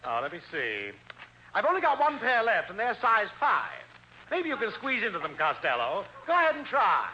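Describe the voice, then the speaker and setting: A wisecracking shop salesman firing off quips in an old radio comedy. His voice is very high, bright and edgy, and it swings widely in pitch on a dull old broadcast recording. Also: huge pitch swings, moderate pace, a little hiss or hum, exaggerated voice. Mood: joking. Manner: punchy one-liners. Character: wisecracking male store salesman.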